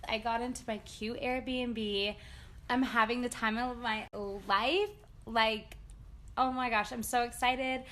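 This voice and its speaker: A young adult woman recording a selfie vlog on her phone, gushing and excited as she talks to the camera. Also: a little high, slow pace. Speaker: vlogger.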